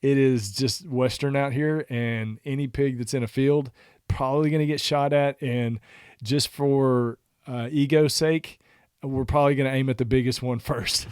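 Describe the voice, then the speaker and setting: A man's voice: mid-range voice, measured pace, darkish tone, clean tone, no echo, studio quality. A man from Texas co-hosting a podcast in casual chat, easygoing and laughing as he talks. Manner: easygoing, laughs while talking. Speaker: podcast co-host.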